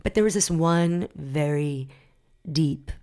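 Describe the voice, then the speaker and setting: A woman guest in a casual chat, an animated storyteller who acts out the people in her stories. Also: low-pitched, takes it slowly.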